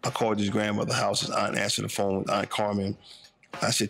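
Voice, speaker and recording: A man's voice: on the low side, little pitch movement, fairly quick, vocal fry, fairly bright tone. A man in his fifties from northern New Jersey, telling his own life story in a reflective, conversational way with street slang, often asking if the listener follows him. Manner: conversational, street slang, keeps asking "you know what I'm saying". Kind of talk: reflective first-person storytelling.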